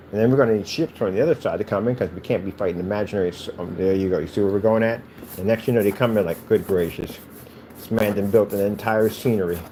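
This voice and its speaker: Rambling playful man, low dark voice. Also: slight background noise. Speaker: cardboard PC case builder. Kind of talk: casual chat while crafting.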